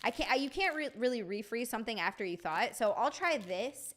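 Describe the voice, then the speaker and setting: A woman's voice: medium pitch, animated, fast talker, over music. A young woman chatting casually on a live stream, swearing freely and greeting viewers by name.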